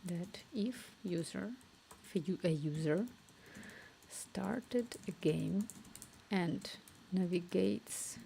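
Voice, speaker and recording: A woman streaming herself coding, thinking aloud and dictating requests haltingly into a cheap microphone at home. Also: fairly low pitch, creaky, warm tone, a little hiss or hum.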